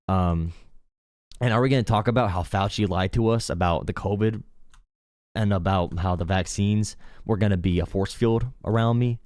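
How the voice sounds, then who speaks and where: A man's voice: low-pitched, moderate pace, a little mellow, no echo, clean studio sound. A male streamer host giving casual, rambling commentary in a mocking tone, full of fillers.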